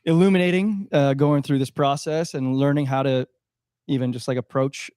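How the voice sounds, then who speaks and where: A man's voice: mid-range voice, fairly even intonation, normal speed, a little mellow, clean tone, no echo. Male co-host, thoughtful, filler-heavy delivery, dry mic. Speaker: podcast co-host. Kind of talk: casual chat.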